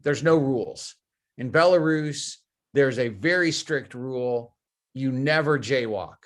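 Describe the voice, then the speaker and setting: A man's voice: medium pitch, a little slow. A man with an American accent giving a webinar lecture, explaining through step-by-step cultural examples and repeating key phrases. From United States. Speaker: guest speaker.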